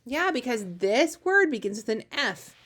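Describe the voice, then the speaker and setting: A woman teaching a phonics lesson to young children, encouraging and animated, slowing down to read sentences aloud. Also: a little high. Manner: encouraging, animated, slow when reading aloud.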